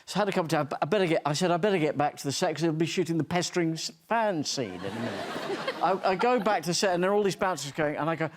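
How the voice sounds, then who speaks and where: A man's voice: on the high side, expressive, racing. A man on a talk show telling a rambling, self-deprecating story with many restarts. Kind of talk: anecdote telling.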